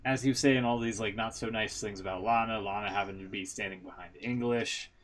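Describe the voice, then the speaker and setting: A man's voice: fairly low pitch, steady tone, fairly quick, fairly bright tone. A man co-hosting a podcast in casual chat, rambling through results with jokes and laughs at his own bits. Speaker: podcast co-host.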